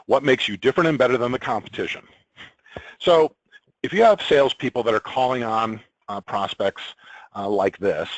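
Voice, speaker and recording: Male consultant, lowish voice, measured business talk, dry close sound. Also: no room sound, rough recording. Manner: measured, explanatory, with occasional ums and throat-clearing. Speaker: sales and marketing consultant presenting. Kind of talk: business presentation.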